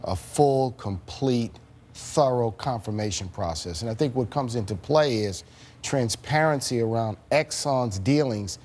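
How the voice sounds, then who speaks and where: A male commentator speaks on a political panel in a mid-pitched voice. He is deliberate and formal, pausing with fillers as he searches for the right words. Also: a little mellow. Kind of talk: panel debate.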